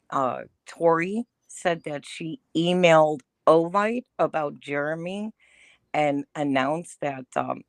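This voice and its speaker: A woman's voice: deep voice, no echo, clean studio sound. A woman appearing as a guest on a livestream, talking through a topic in a discursive way with lots of fillers. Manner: talkative, discursive, many fillers. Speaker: guest commentator. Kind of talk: casual commentary chat.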